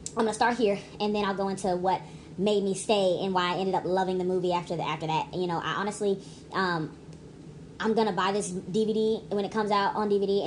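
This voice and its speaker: A woman's voice: medium pitch, a little hiss or hum. A young woman casually rambling through a movie review, chatty and emphatic with lots of restarts.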